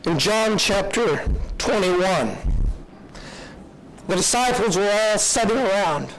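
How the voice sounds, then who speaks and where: A man's voice: high-pitched, lively intonation, takes it slowly, fairly bright tone, a little hiss or hum, poor audio. A man preaching a sermon, retelling a story in an earnest, reflective way.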